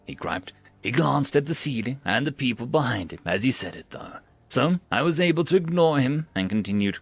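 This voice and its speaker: A man's voice: mid-range voice, very animated, normal speed, gravelly, few pauses, slightly rough, no echo, faint music behind. A man narrating a sci-fi story in a wry, theatrical storytelling manner.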